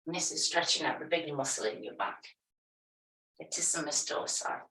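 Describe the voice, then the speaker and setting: A woman teaching a yoga class, giving calm, step-by-step movement and breathing cues. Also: low-pitched, moderate pace. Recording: echoey room, voice from a distance.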